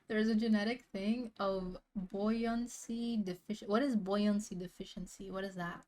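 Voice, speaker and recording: A woman's voice: medium pitch, fairly even intonation, measured pace. Slangy, laughing young woman streamer. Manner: laughs often, slangy and rambling. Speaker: vtuber reacting to a video. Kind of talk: casual reaction chat.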